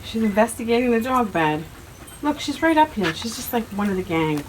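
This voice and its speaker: A woman's voice: on the high side, very animated, brisk, slight background noise. A woman filming her pets on a homestead, talking to them in a doting, laughing way. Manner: doting, laughing, sing-song praise. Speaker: homestead vlogger. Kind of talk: casual talk to pets while filming.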